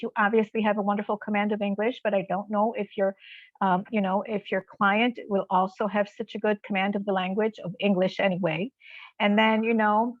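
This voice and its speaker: A woman's voice: medium pitch, no echo. Earnest woman teaching a video-call class. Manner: earnest, encouraging, many "you know" fillers. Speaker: trainer leading an online caregiver course. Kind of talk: live online workshop talk. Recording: dull, muffled video-call audio.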